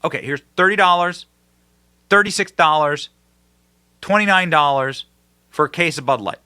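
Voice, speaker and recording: A man hosting a political commentary show, his voice bright and forceful and pitched a little high. He talks emphatically and mockingly, jumping between loud high bursts and low, quieter asides. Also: moderate pace, smooth. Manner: emphatic and mocking, with big swings in pitch and loudness.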